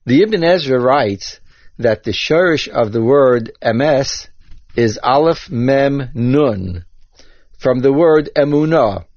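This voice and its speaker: A man with Ashkenazi Hebrew pronunciation lectures at a very unhurried pace, setting each term down with care. The sound is dry and close, with a dull, lo-fi tone. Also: medium pitch, expressive, a little mellow, no echo. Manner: measured, deliberate, spells out terms. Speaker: Torah teacher. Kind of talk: slow scripted lecture on Hebrew grammar.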